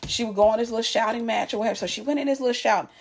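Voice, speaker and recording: A woman speaking in a somewhat high, husky voice as she tells a personal story to her viewers. Her delivery is casual and emphatic, full of restarts and repeated words. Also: racing. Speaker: vlogger.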